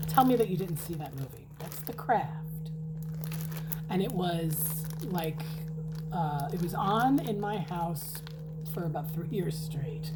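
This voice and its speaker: A middle-aged woman at home chats casually about wax melts she's reviewing, rambling and swearing occasionally. Her voice is fairly low and expressive, and she takes her time. There's noticeable background noise.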